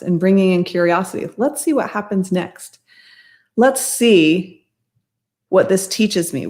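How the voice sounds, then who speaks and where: Her voice is lowish and a little mellow. This middle-aged mindset coach casually relates something that happened to her, wandering, amending herself as she goes, and occasionally laughing.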